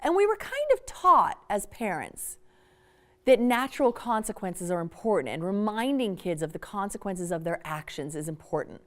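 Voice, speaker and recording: Animated woman giving a parenting talk. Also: mid-range voice, moderate pace. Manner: animated and emphatic, acts out quotes. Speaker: parenting workshop speaker. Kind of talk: public talk.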